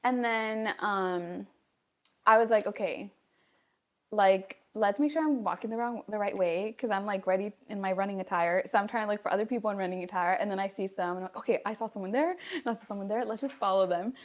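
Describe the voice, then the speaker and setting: A young woman co-hosting a podcast, telling a story in a lively, casual way with many fillers. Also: mid-range voice, fairly quick. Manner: animated storytelling with lots of fillers. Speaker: podcast co-host. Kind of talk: casual chat.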